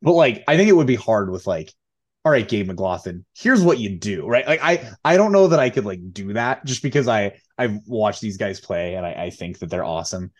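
Laid-back young man, low voice. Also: big pitch swings, a little fast. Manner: laid-back, filler-heavy, laughs often. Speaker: podcast co-host and high school tennis coach. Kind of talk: casual storytelling chat.

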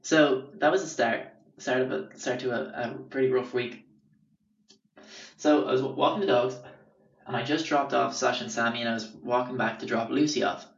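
A man's voice: medium pitch, fairly even intonation, normal speed, gravelly. Rambling young Irish man telling stories. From Ireland. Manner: rambling, sweary, lots of fillers. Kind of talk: casual storytelling. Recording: roomy, distant, dull sound.

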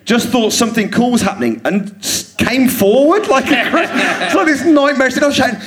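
A man's voice: very high-pitched, sing-song, normal speed, a bit bright. A man, a comedian guest, telling comic anecdotes on a theatre stage and laughing through his stories. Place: theatre stage before a live audience. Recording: live theatre audience laughter. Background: audience laughter.

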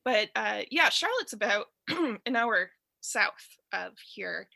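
A woman's voice: medium pitch, animated, takes it slowly, creaky, bright, forceful tone, no echo. A woman in her thirties from Detroit, with a Detroit accent tinged by years in the South, telling a rambling story with frequent laughs in a casual chat. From Detroit, USA. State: allergies, clearing throat. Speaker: guest storyteller. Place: in bed at home.

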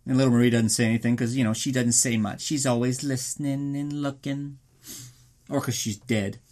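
A man's voice: mid-range voice, fairly even intonation, fairly quick, darkish tone. A man hosting a podcast, recapping a film in a casual, profane and sarcastic way, often slipping into silly voices. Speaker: podcast host.

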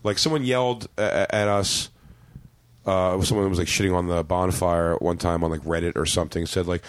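A man's voice: low voice, a little fast, no echo. A male comedian in casual podcast chat, rambling through profane stories and acting out quotes.

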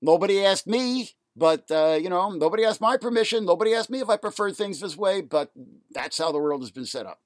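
A man in a halting, sarcastic rant, full of fillers and indignant asides. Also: high voice, expressive, no echo, clean studio sound. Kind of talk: ranting monologue.

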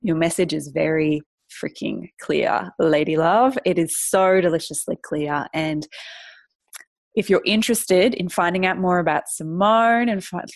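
Gushing woman podcast host, low voice. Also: a little slow, no echo. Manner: gushing, lavish with praise. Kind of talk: effusive podcast interview.

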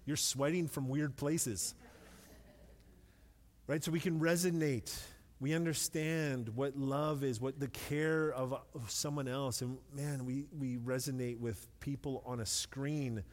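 A man's voice: medium pitch, fairly even intonation, unhurried, few pauses. Conversational male pastor in a reverberant hall. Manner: conversational, self-deprecating humor, repeats words when emphatic. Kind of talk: sermon. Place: church sanctuary with long reverb.

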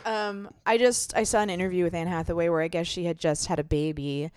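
A young woman hosting a comedy podcast, chatting casually, animated, swearing freely and laughing often. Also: fairly low pitch, brisk, clear, resonant tone, no echo, studio quality. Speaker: podcast host. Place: home recording studio.

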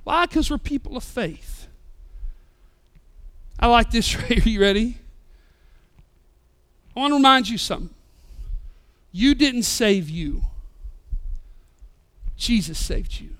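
A man in his thirties, a pastor preaching a sermon with passion, rising loud and dropping soft. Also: high-pitched, expressive, takes it slowly, long pauses. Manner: impassioned, swings between loud and soft. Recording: live church sermon podcast.

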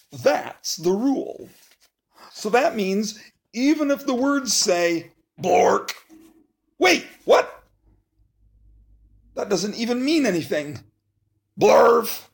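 A reader performing a children's book aloud, playful and mock-protesting, with exaggerated outbursts. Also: mid-range voice.

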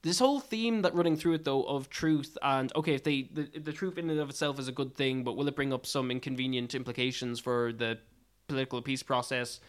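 A man casually reviewing a film in conversation, animated and full of restarts, his pitch jumping up when he is incredulous. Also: fairly quick. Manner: restarts and stumbles often.

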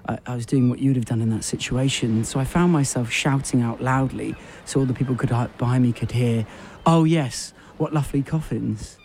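A man hosting a radio show, telling an absurd story in a rambling, repetitive, deadpan way full of fillers. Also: medium pitch, a little fast, hardly any pauses, slight background noise.

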